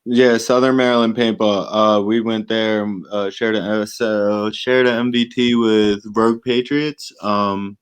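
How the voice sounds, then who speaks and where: Male podcast guest, laid-back and slow-talking, low-pitched. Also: steady tone, clean tone. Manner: unhurried, lots of "uh" and "um". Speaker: podcast guest, paintball player. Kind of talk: casual chat.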